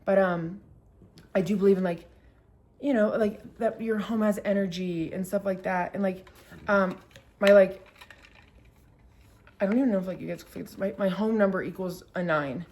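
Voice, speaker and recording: A young woman in her twenties telling a story to her camera at home, animated and cursing, with many "like"s. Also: mid-range voice, normal speed, long pauses, a little hiss or hum. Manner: animated, swearing, heavy use of "like". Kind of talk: casual storytime vlog.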